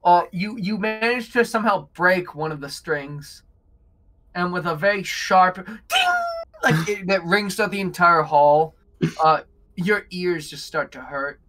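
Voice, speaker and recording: A man's voice: high-pitched, a little slow, sharp tone. A man narrating as game master, rambling and restarting as he describes scenes. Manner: rambling, lots of fillers and restarts.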